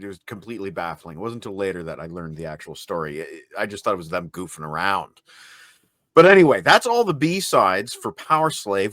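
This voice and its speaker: A man hosts a music podcast in a relaxed, casual way. His voice sounds dry and close, with no room echo. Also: lowish voice. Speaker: podcast host. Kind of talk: casual chat.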